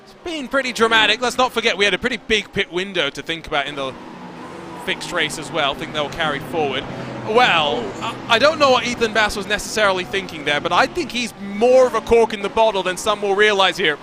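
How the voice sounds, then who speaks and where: Lively high-voiced racing commentator man. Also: brisk. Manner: lively, joking banter with co-host. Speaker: race commentator. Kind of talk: sim racing play-by-play commentary. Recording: background race car noise.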